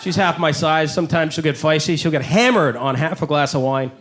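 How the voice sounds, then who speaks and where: A man's voice: a little high, a little fast, a bit bright. A man in his forties performing a live stand-up set, telling brash, profane stories. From Canada. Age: 40s. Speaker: stand-up comedian. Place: comedy club.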